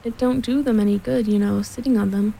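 A woman's voice: mid-range voice, steady tone, a little fast, vocal fry, dark tone, a little hiss or hum, lightly acted, poor audio. A woman voicing a gloomy, grumbling old male donkey in a storybook reading. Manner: grumbling, sour.

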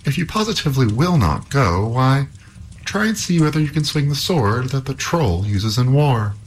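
A frightened young princess pleads in a thin, high voice that swings widely up and down, as a deep-voiced male storyteller puts her on. Her worried, anxious manner carries through a storybook reading. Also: sing-song, normal speed, slight background noise, natural voice. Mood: urging.

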